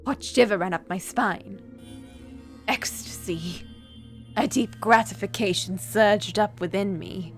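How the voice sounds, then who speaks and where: A woman reading as a cold, calm young man. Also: mid-range voice, soft background music. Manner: even, measured reading of game text. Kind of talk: reading a game aloud on a live stream.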